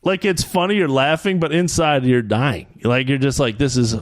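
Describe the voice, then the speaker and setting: A man chatting on a podcast, telling animated stories and acting out what others said. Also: mid-range voice, moderate pace, no echo, clean studio sound. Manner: animated storyteller, quoting others. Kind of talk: casual podcast chat.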